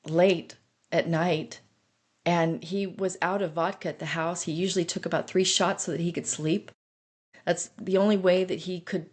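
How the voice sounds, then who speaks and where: A woman's voice: lowish voice, breathy edge. A middle-aged woman telling her own story on a podcast, earnest and intense as she relives it. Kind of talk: personal recovery story podcast.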